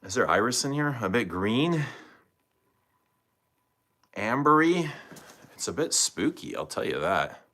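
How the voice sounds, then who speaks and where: A man's voice: mid-range voice, very animated, measured pace, pauses often, pushed and bright. A man hosting a casual live stream, chatting and thinking aloud as he unboxes and tries scents, talking to viewers by name. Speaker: livestream host reviewing fragrances.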